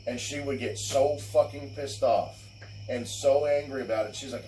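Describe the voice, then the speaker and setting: A man hosting a loose late-night chat, ranting bluntly and cursing freely. His voice sits at an ordinary pitch. He is a little far from the mic, with faint crickets behind. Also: moderate pace, mellow, slight background noise. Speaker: show host. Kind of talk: casual crude podcast chat.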